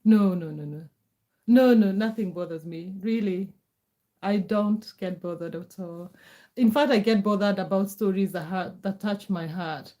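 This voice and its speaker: A woman's voice: medium pitch, unhurried, mellow. A middle-aged woman from Kenya, chatting casually on a live stream, answering viewers' comments in a reassuring way and repeating her words.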